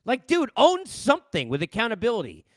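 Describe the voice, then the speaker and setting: Animated New man ranting, high voice. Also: a little fast, no room sound. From New York. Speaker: podcast host. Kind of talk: solo sports rant. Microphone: headset.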